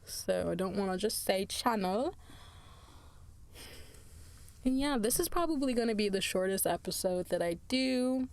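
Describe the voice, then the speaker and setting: Tired lady chatting on her own podcast, slow unhurried talk, lots of little laughs. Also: medium pitch, lively intonation, a little mellow. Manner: chatty, laughs often, drifts into asides. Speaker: podcast host. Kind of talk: casual solo podcast chat.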